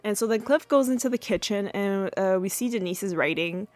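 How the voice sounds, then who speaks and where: Woman podcast host chatting thru an episode recap, lots of ums, mid-pitched voice. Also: brisk, a little mellow, faint music behind. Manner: chatty retelling with many fillers, acting out quotes.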